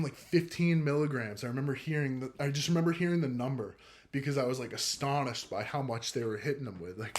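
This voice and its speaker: Young adult man, relaxed first-person storyteller, profane and filler-heavy delivery. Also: medium pitch. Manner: laid-back, profane, heavy use of filler "like".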